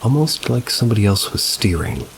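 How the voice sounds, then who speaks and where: A man calmly narrating reader-submitted paranormal stories, adding brief asides of his own. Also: fairly low pitch, fairly quick, slight background noise, poor audio. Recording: rain sounds mixed behind the voice. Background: steady rain ambience.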